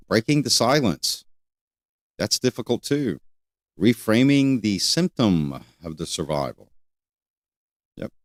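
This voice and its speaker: An older man hosting a solo talk show, rambling and repeating questions with many pauses. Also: fairly low pitch, sing-song, dry recording, studio quality. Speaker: host.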